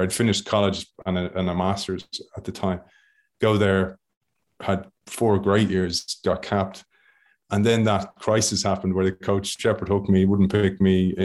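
A man with an Irish accent tells stories in a relaxed, chatty way, his voice sitting low. He keeps the telling animated and easygoing. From Ireland. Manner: animated storyteller, laughs often and acts out other people's voices. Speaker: podcast guest, former rugby player. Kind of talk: casual storytelling.

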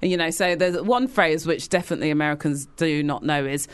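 A young woman co-hosting a radio show, chatting casually and telling animated stories with frequent laughs. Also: low-pitched, fast talker, clear, resonant tone.

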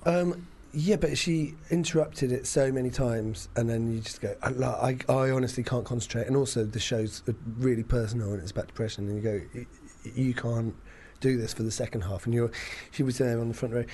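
A man's voice: medium pitch, fairly even intonation, brisk, few pauses, warm tone, a little hiss or hum. A young man, a touring comedian, telling rambling anecdotes in casual chat and swearing freely. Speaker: comedian on tour.

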